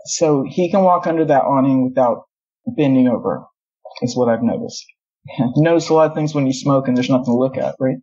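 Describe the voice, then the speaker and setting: Husky, mellow-voiced woman telling a story. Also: rumbling low, brisk. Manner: rambling, with many asides and self-corrections. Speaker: guest. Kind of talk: casual storytelling. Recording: dull lo-fi audio.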